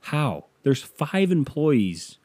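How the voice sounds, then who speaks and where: A man hosting a solo podcast, ranting casually and profanely with loud exasperated outbursts, tired and yawning. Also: fairly high pitch, very animated, drawn-out words. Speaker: podcast host.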